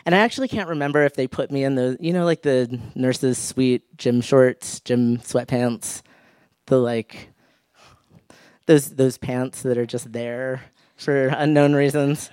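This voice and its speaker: A man's voice: mid-range voice, steady tone, measured pace, darkish tone, smooth, no echo, clean studio sound. A man telling a humorous personal story on stage, laughing often and acting out the people he quotes. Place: live stage show.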